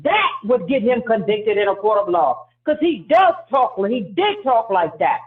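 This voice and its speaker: A man's voice: very high-pitched, sing-song, moderate pace. A man hosting a call-in show, insistently repeating his point and talking over a caller in a heated debate. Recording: phone-line audio.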